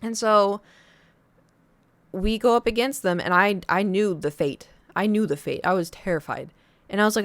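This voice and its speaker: This young woman chats with her stream from home, spinning a long, animated, casual story at a moderate pace. When quoting other people she leaps into a high voice. The recording is close and dry, her tone clear and resonant, with no room sound.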